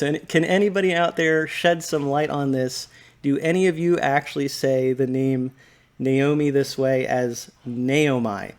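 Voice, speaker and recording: A man hosting a casual explainer video, talking in a relaxed, light-hearted way and often asking his viewers questions. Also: medium pitch. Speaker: video host discussing Bible pronunciation. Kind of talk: casual explanatory talk to camera.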